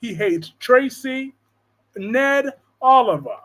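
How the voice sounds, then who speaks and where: A high-voiced man chatting casually on a live stream from home. He keeps things animated and joking, and reads viewer comments aloud as he goes. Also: takes it slowly. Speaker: live-stream host discussing soap operas.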